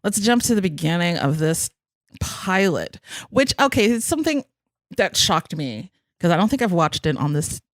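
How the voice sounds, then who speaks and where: Woman podcast host, chatty and giggly, animated delivery, dry sound. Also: fairly low pitch, normal speed, no echo. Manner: chatty and giggly, often laughing. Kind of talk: casual chat.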